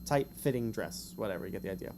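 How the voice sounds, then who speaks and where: Over a noisy background, a man with a lowish, lively voice reads a gamebook aloud on his stream. He keeps it casual, drifting into rambling, self-mocking tangents between passages and laughing at himself readily.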